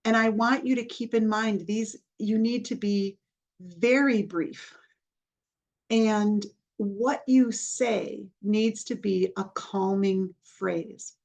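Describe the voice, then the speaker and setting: A woman hosting a podcast, explaining in a patient, instructive way and often checking in with the listener, softening her voice when she models calming phrases. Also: medium pitch, slow pace, gravelly. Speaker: podcast host, child development professional.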